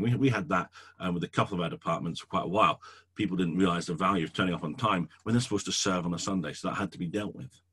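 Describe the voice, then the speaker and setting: A middle-aged man preaching in a low, husky voice that swings widely in pitch. He teaches church leaders in an emphatic, repetitive way, hammering each point home. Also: fairly bright tone. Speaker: pastor. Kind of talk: teaching sermon.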